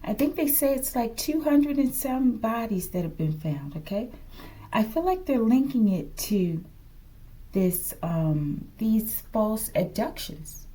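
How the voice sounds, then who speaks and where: Slow, mellow-voiced woman reading tarot. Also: fairly high pitch, big pitch swings. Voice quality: slight lisp. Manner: speculative, repeats "collective" and "okay?"; slow, drops to whispers at times. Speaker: tarot reader. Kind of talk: casual tarot reading to viewers.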